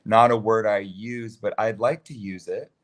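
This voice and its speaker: A young man co-hosting a casual chat show with his mother, easygoing and quick to laugh. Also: lowish voice, steady tone. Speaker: co-host.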